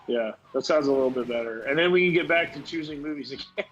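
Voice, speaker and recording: A man's voice: mid-range voice, quick pace, a bit bright, dull audio, a little hiss or hum. A tired man in casual chat while streaming a game, rambling and laughing, with lots of "like". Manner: rambling, laughs often, says "like" a lot.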